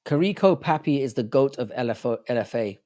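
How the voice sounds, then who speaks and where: A man's voice: mid-range voice, expressive, a little fast, mellow. A man hosting a livestream, rambling, swearing and joking with his chat. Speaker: livestream host.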